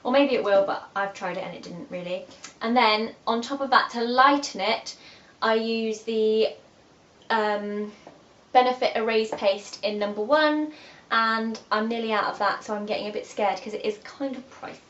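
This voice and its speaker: A woman's voice: fairly high pitch, normal speed, a bit bright. A young woman, chatting and giggling as she talks through her favourite makeup products. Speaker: beauty vlogger. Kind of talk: casual chat about makeup favourites. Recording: echoey dull room audio with faint hiss.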